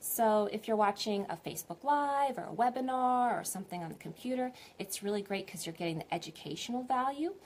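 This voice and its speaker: Gentle woman teaching on a live stream, asks her viewers lots of questions, medium voice, soft hum behind her. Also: mid-range voice, lively intonation, fairly quick, hardly any pauses. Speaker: spiritual teacher. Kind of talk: live online teaching talk.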